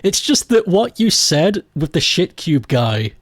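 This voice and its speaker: A man's voice: a little high, big pitch swings, measured pace, no room sound, studio quality. A man chatting casually on a live stream, joking around, laughing often and swearing freely.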